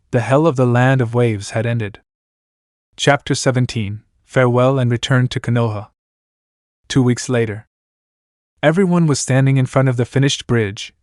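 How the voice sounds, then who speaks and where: A man narrating a fanfiction story in an even, steady reading voice. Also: medium pitch, normal speed, dry recording, studio quality.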